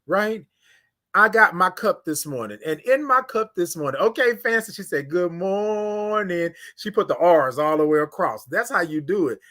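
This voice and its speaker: A man hosting a casual morning livestream, greeting viewers by name in an animated way and drawing out his greetings. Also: high voice. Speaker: livestream host.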